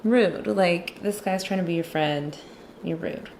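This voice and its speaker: A woman's voice: lowish voice, a little slow, darkish tone, slight background noise. A woman chatting casually and sarcastically about a movie while she draws, with lots of "like". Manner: sarcastic, chatty, heavy use of "like". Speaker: illustrator and movie commentator. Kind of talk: casual chat while drawing.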